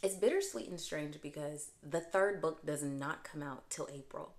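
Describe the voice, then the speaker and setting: A young woman chatting casually as a book vlogger, gushing and expressive, with dramatic swings in pitch and volume. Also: moderate pace, gravelly. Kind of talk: casual chat.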